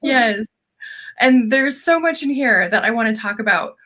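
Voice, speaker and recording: A woman hosts an interview, introducing her guest and leading into the questions. Her voice is bright and forceful, and she asks in an encouraging tone. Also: fairly high pitch, expressive, normal speed. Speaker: host. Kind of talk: interview hosting.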